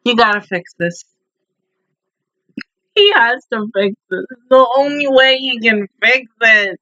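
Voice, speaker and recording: Bright, emotional young woman reacting. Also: on the high side, animated, a little slow, no room sound, muffled recording. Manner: emotional, exclaiming, talking to the screen. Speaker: anime reaction host. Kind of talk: casual reaction commentary.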